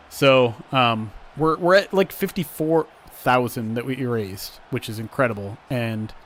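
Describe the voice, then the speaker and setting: A young man hosting a live stream, chatting casually with viewers and calling plays from a football game simulation. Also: medium pitch. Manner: chatty, reads chat aloud, gets loud at big plays.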